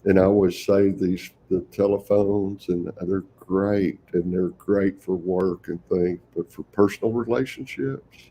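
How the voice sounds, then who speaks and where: Deep gravelly older Texan man. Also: steady tone, measured pace, few pauses, mellow, slight background noise. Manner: folksy storyteller, chuckles often. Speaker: guest, professional Santa Claus. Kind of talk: casual interview conversation.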